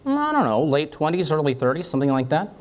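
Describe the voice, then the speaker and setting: A man voicing a teenage fast-food worker who sizes someone up and then gushes. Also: a little high, big pitch swings. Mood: impressed.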